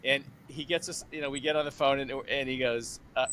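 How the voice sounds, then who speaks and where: A man in his sixties hosting a podcast interview, chatty and animated, acting out conversations as he retells them. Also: mid-range voice, brisk, hardly any pauses. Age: 60s. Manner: animated, retells phone calls with lively imitated voices. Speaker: podcast host. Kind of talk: casual interview.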